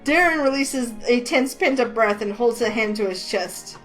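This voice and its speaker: A woman reading a romance game aloud in a lively, excitable way, with faint music behind her. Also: a little high, normal speed, few pauses, poor audio. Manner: lively, excitable, voices the heroine with outbursts. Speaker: gaming channel host reading a visual novel.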